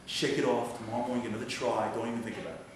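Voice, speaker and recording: A man voicing a calm, stern army commander who speaks low and steady, heard from far off in an echoey hall. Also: quick pace, slight background noise, lightly acted.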